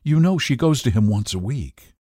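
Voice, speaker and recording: Timid genteel wife, hesitant and soft, voiced by a male reader. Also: mid-range voice, expressive, normal speed, husky, no room sound, clean studio sound, pitched above the performer's own voice. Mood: worried, apologetic. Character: anxious genteel young wife, soft-spoken.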